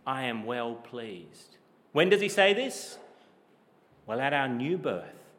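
A man's voice: lively intonation, unhurried, fairly bright tone. Preacher man in an echoing hall. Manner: emphatic, rhetorical questions, swells in volume then drops low. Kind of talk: sermon.

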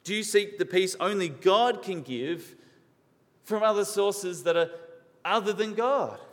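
A man's voice: high-pitched, unhurried, fairly bright tone. A man preaching a sermon in an earnest, questioning way, repeating key words for emphasis. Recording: long reverb of a large hall.

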